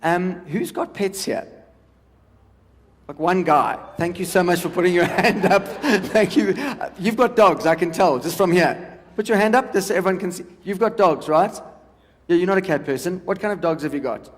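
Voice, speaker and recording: A man's voice: sits high, animated, normal speed, long reverb tail. A man in his forties from South Africa doing stand-up comedy, chatting with the audience about parenting and pets. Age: 40s. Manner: chatty crowd work with the audience. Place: large event hall with a live audience.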